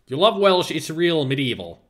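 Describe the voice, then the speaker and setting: Man, livestream host, chatty, fairly high pitch, crisp bright tone. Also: very animated, normal speed. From Finland. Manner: chatty, laughs often, restarts words. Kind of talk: casual chat reading a live chat.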